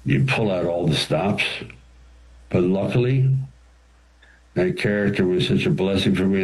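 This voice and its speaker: A man's voice: sits low, low-quality recording. An older man, an actor and writer, telling rambling anecdotes in an interview and acting out quotes along the way. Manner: rambling, animated storytelling with acted-out quotes.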